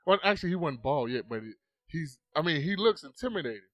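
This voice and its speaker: A man's voice: on the high side, very animated, fast, a bit bright, no room sound. A man, a podcast guest, telling a story casually into a close mic. He swears often and acts out the voices.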